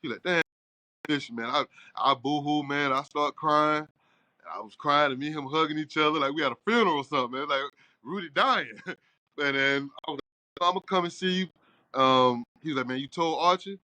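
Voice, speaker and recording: A man's voice: fairly high pitch, brisk, no echo. A middle-aged man, a barbershop owner telling a long story and acting out the dialogue as he goes. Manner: animated storyteller, acts out quoted dialogue. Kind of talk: casual storytelling interview.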